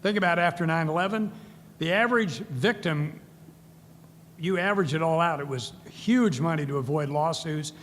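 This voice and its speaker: A man's voice: fairly high pitch, moderate pace, fairly bright tone, slight background noise. An older man giving a speech as keynote speaker, telling stories and acting out the voices of people he quotes. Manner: storytelling, acts out quoted voices. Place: large event hall. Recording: long hall reverb, faint ambience.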